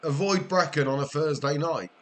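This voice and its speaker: A middle-aged Welsh man chatting and joking with viewers during a live-streamed game, with a relaxed, teasing manner. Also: a little high, moderate pace, slight background noise. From Wales. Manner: chatty, jokey banter with viewers, frequent laughs. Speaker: gaming streamer. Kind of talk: casual live-stream chat while gaming.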